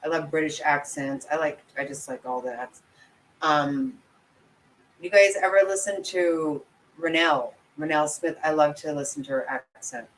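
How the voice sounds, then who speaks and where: A woman's voice: sits low, normal speed, slight background noise, rough recording. A woman hosting a casual livestream, chatting with viewers, laughing often and poking fun at herself. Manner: chatty, giggly, self-deprecating. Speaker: commentary channel host.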